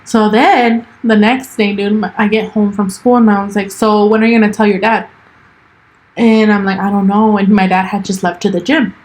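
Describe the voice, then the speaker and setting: A bilingual young woman co-hosting a podcast tells a story in a casual chat, switching between English and Spanish and saying "like" and "dude" a lot. Her medium-pitched voice is level, a bit mellow, and moderately paced, on a rough recording.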